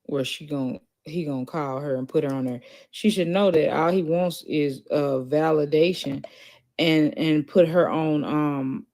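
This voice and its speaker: A woman's voice: low voice, fairly even intonation, a little slow, darkish tone. A woman streamer giving casual, mocking commentary over a played clip, talking straight to her viewers.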